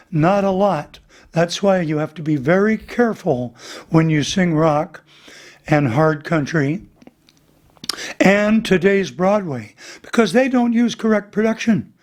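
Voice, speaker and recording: High-voiced older male vocal coach. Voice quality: voice he says is damaged. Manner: animated, breaks into singing demonstrations. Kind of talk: casual teaching interview with sung examples.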